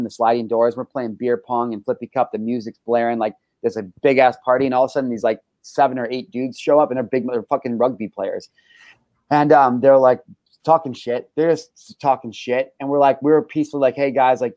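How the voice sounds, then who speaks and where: A young man hosting a talk show, telling a wild story in a rough, profane way full of fillers and restarts. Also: mid-range voice, a little mellow, no room sound. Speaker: host.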